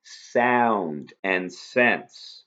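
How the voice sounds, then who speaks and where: A man with a fairly low voice gives a recorded lesson. He talks patiently and keeps posing rhetorical questions. The recording sounds dull and lo-fi. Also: lively intonation, extremely slow, pushed and bright. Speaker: teacher. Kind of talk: recorded lecture review.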